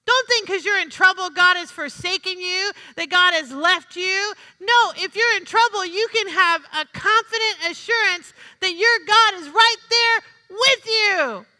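A woman preaching to her congregation in a very high, piercing voice, her words ringing out through a church hall with a long reverb. She works the room with call-and-response and says key lines twice. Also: moderate pace, few pauses, bright, forceful tone. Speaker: pastor. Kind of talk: sermon. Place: church sanctuary.

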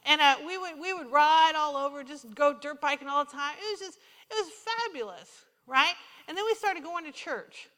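A woman's voice: sits high, normal speed, hardly any pauses, long reverb tail. A woman preaching a sermon in a church, telling personal stories and acting out what people said to her. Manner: animated storytelling, quoting herself and others. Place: church sanctuary.

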